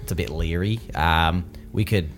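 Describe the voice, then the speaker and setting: A man's voice: low voice, normal speed, faint music behind, pitched below the performer's own voice. A man voicing a nervous, chatty male wanderer who stammers and rambles in a put-on British accent. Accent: British-sounding put-on.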